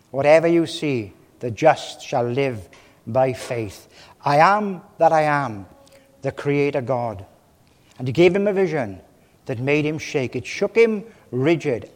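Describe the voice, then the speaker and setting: A man preaching a sermon from a church pulpit, impassioned, with his voice swelling loud and then dropping low. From Wales. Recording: long reverb of a large hall.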